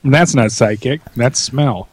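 A man with a slight Southern accent in a casual comedic podcast chat, teasing and quick to laugh. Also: mid-range voice, slightly rough, no echo. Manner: laughs a lot, teasing, lively.

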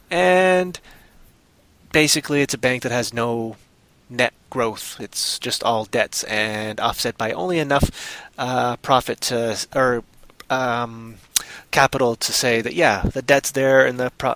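This male podcaster has a mid-range voice with some vocal fry and talks in a loose, rambling, jokey manner, breaking out into loud silly voices at times. The audio is dry, with no room sound.

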